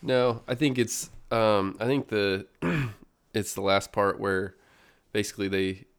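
A man's voice: fairly low pitch, a little slow, clean tone. A man co-hosting a podcast, reflecting on a book in a casual, hesitant way with many ums. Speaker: podcast co-host.

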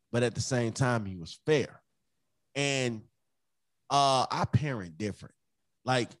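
A man's voice: mid-range voice, no echo. A man co-hosting a casual podcast, talking emphatically about his family, repeating phrases and acting out his children's voices. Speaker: podcast co-host.

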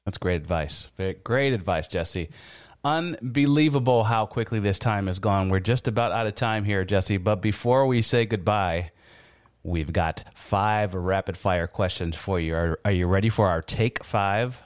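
A man hosting a podcast, upbeat and quick with reactions. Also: fairly low pitch, no echo, clean studio sound. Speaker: podcast host. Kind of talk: casual interview chat.

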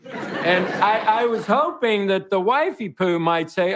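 A man with a Texan accent hosting a comedy show, delivering a rambling, deadpan, self-mocking monologue in front of a live studio audience. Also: high-pitched, takes it slowly, pauses often. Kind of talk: stand-up monologue. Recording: live broadcast with a noisy studio crowd. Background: audience laughter and applause.

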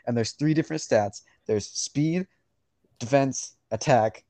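A man's voice: medium pitch, unhurried, warm tone, no echo. A young man co-hosting a podcast, chatting casually and rambling with lots of fillers and laughs. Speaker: podcast co-host. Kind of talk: casual chat.

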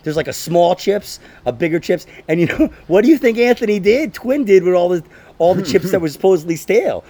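A man's voice: high-pitched, brisk. A man in his thirties hosting a casual podcast, telling stories loosely with swearing. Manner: swearing, animated storytelling with voices. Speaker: podcast host and comedian.

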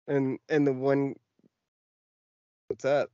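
A man's voice: mid-range voice, completely flat delivery, takes it slowly, a little mellow, clear, resonant tone, no echo, lo-fi sound. A man co-hosting a podcast, telling a long story in casual chat with lots of fillers. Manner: rambling storytelling with many fillers. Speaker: podcast co-host.

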